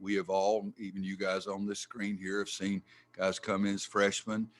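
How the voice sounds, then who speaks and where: A man's voice: low-pitched, completely flat delivery, normal speed. An older man, a head basketball coach answering press conference questions in a folksy, blunt way that gets worked up.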